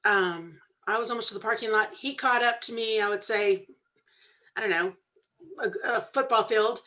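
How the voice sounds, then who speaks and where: A woman candidly telling her own story on a talk show, earnest and animated when she quotes others. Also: on the high side, normal speed, rough recording. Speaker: podcast co-host sharing her story.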